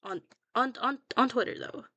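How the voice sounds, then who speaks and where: A woman's voice: on the high side, normal speed, sharp tone, no room sound. Dry, blunt young woman, casual rambling. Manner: blunt, swears a lot, laughs at herself. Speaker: fanfiction writer scrolling her own archive. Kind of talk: casual chatty commentary.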